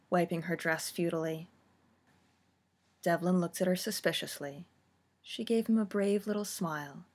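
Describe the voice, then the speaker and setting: A woman narrating a story with a steady, expressive reading. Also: lowish voice, moderate pace, pauses often.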